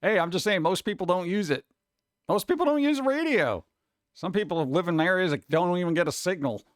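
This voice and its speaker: A man hosting a live stream and chatting casually with viewers, animated and loose, often slipping into mock voices. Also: high-pitched, fast, no room sound, studio quality. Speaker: streamer host.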